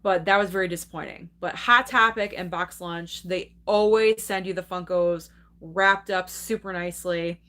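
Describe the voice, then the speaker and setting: A woman's voice: lowish voice, steady tone, normal speed, sharp tone. A young adult woman hosting a live movie stream, chatting casually and enthusiastically while reading and answering viewer comments, laughing often.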